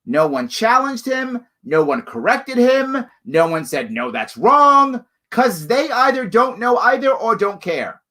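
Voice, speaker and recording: Animated, bright-voiced male talk host. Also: very high voice, measured pace, hardly any pauses. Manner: emphatic, animated, repeats points for stress. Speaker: show host answering viewer questions. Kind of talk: live call-in style solo talk.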